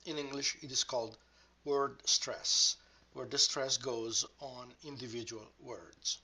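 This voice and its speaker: A man teaching a grammar lesson, speaking deliberately and modelling each example word aloud. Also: medium pitch, fairly even intonation, pushed and bright, breathy edge. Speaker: language teacher.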